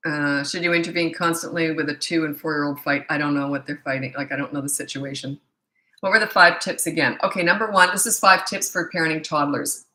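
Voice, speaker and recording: A woman's voice: low-pitched, brisk, pushed and bright, reverberant. A middle-aged woman parenting coach reading viewer questions and answering them in a blunt, opinionated, casual way.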